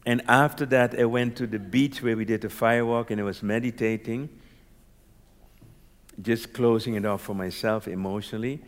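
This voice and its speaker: A doctor from Curaçao telling a personal story in conversation, animated and laughing often, checking that his listener follows along. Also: medium pitch, normal speed, long reverb tail.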